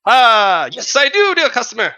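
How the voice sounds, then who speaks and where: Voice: mid-range voice, sing-song, normal speed, pushed and bright. A game master voicing a cheerful, theatrical male cider merchant obsessed with apples in a tabletop role-play. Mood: cheery. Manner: theatrical, salesy, addresses customer grandly.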